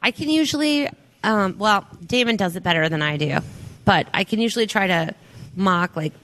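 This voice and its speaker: A woman's voice: mid-range voice, animated, fairly bright tone. A woman from Minnesota co-hosting a podcast in casual chat. She teases playfully and laughs easily. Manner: playful, teasing, quick to laugh. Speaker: podcast co-host.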